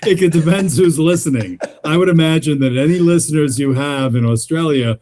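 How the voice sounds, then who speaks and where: A relaxed, laid-back man from New York, a lawyer chatting as a podcast guest. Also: on the high side, fairly quick. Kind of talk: casual interview chat.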